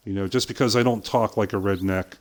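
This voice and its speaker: Casting note: older male streamer, lowish voice, animated storyteller, salty language. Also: fairly quick. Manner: animated anecdote-telling with impressions and swearing. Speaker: gaming streamer. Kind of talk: casual storytelling while playing.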